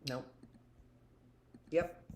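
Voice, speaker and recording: A woman's voice: very slow, a little mellow, reverberant. A woman teacher giving a live online history lesson, chatty and jokey, asking questions and answering for imagined students.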